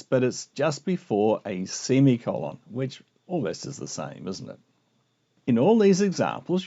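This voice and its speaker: A man teaching a video lesson on Greek grammar, explaining with lively asides. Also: medium pitch. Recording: muffled lo-fi recording.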